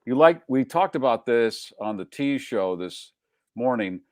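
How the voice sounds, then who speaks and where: A man's voice: mid-range voice, lively intonation, unhurried, dry recording, clean studio sound. A man hosting a casual live show, joking around and reading out listener check-ins. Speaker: host.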